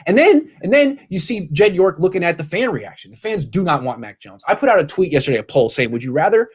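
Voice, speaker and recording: A man hosting a casual sports talk show, animated, often quoting others in quick voices. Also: high-pitched, husky. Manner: animated, quotes people in quick impressions. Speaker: podcast host.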